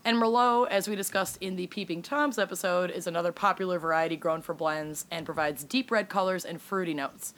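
A woman's voice: lowish voice, brisk, few pauses, a bit bright. Chatty woman podcast co-host. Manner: chatty, swears, laughs often. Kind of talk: casual podcast chat.

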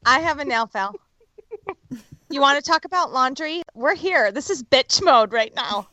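A woman's voice: high-pitched, animated, normal speed, pushed and bright, no echo, poor audio. A woman co-hosting a podcast who talks bluntly and swears freely. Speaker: podcast co-host. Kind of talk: casual chat.

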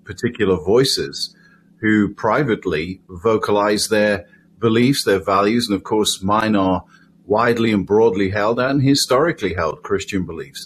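A middle-aged man from the United Kingdom, a chaplain answering interview questions in a measured, hesitant way with many pauses. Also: lowish voice, a little hiss or hum. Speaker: guest, volunteer chaplain.

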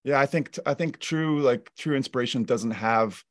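A man in his thirties chats loosely about life as a drummer, circling his point with fillers and false starts. His voice is mid-pitched and sits close and dry, with no room around it. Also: normal speed, no room sound. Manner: rambling, many "like" fillers and restarts. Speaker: guest drummer. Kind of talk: casual chat.

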